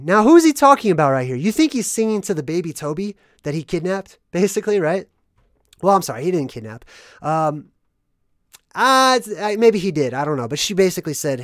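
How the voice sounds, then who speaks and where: Rambling vlog host, mid-pitched, tags every point with "right?", jumps from loud to quiet, dry close sound. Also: very animated, normal speed, no room sound. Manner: rambling, constant "right?" tag questions. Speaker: movie analysis vlogger. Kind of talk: casual monologue explaining hidden meanings.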